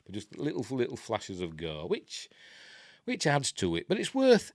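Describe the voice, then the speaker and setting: A man's voice: mid-range voice, huge pitch swings, normal speed, no echo, clean studio sound. An older man with a Yorkshire accent, casually talking through a film review with rambling, self-interrupting chat and wry asides. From Yorkshire, England.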